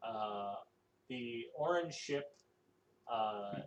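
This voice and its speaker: A man narrating a tabletop game as game master, halting and full of fillers. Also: medium pitch, animated. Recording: echoey room, faint noise.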